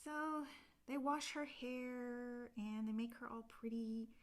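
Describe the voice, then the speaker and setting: A woman vlogger with a slightly high voice speaks slowly while retelling a book in casual chat. She rambles, leaning heavily on the filler word "like."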